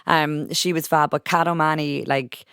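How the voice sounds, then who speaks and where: A woman hosting a podcast in casual chat, talking in a chatty, animated way with lots of fillers. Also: low-pitched, normal speed, clean tone, dry recording, clean studio sound. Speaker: podcast host.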